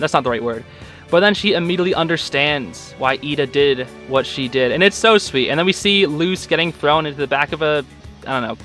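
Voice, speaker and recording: A young man giving a casual, excitable recap of a show episode, full of filler words. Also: a little high.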